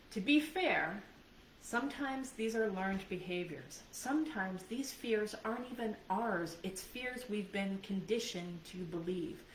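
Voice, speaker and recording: A woman coach giving a live video training in an earnest, conversational manner, often checking in with her listeners. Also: mid-range voice. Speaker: life and business coach. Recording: roomy sound from a distant mic, faint background noise.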